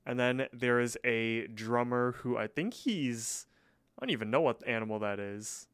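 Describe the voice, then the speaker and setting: A man with a smooth, resonant voice recaps a cartoon episode in loose, chatty fashion. He leans on fillers and restarts and now and then pops into quick character voices. His sound is close and dry. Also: medium pitch, a bit bright, no echo. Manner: loose, filler-heavy retelling with quick voice impressions. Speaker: podcast co-host.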